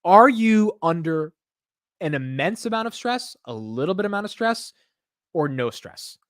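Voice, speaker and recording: A man's voice: high voice, sing-song, a little slow, no echo, clean studio sound. A young man hosting a late-night livestream, rambling loosely and reading viewer comments aloud, with "yo" and "bro" thrown in often. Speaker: livestream host.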